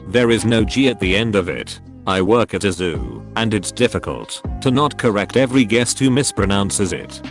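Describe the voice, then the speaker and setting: A man narrating a string of short online posts in a scripted, matter-of-fact reading style. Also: lowish voice.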